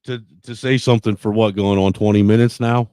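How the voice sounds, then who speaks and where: A man's voice: on the low side, fairly even intonation, a little fast, mellow, smooth, no room sound, clean studio sound. A man hosting a casual live stream who laughs a lot and snaps back when someone talks over him. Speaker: stream host.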